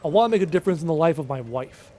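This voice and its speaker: A man's voice: on the high side, animated, rapid-fire, mellow, slight background noise. A man from Canada chatting casually on a live game stream, answering chat and repeating himself with emphasis. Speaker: gaming streamer.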